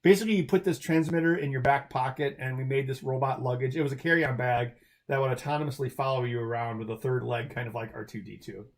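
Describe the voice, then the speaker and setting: A man's voice: medium pitch, fairly even intonation, fast talker. A man in the middle of his range chats casually on his own livestream, reading out viewer questions and answering them. He rambles freely, stacking fillers and restarting his sentences as he goes. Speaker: livestream host answering chat.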